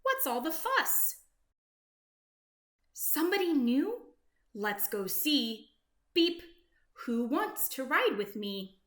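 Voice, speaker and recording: A woman's voice: sits high, very animated, slow, pauses often, roomy sound, heavily acted. Woman doing a cheerful little truck. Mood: friendly. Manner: warm, welcoming.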